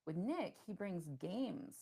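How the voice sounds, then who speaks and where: A woman's voice: mid-range voice, animated, creaky, warm tone, breathy edge. A woman co-hosting a livestream, talking enthusiastically and jumping in often. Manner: enthusiastic, talkative, quick to jump in. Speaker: livestream co-host. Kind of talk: casual livestream chat.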